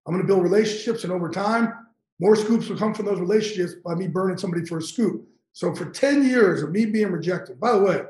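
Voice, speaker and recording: A man's voice: high-pitched, fast, darkish tone, echoey room, rough recording. A man in his fifties, a guest on an interview show, telling an emotional story with intense, profane energy and getting choked up. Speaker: guest, NFL insider.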